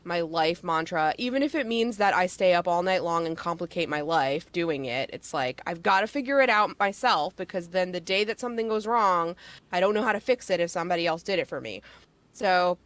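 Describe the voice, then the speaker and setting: A woman's voice: on the low side, fairly bright tone, dry recording. Chatty woman guest, laughs easily. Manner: chatty, full of "like" and quick laughs. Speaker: podcast guest and streamer. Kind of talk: casual interview chat.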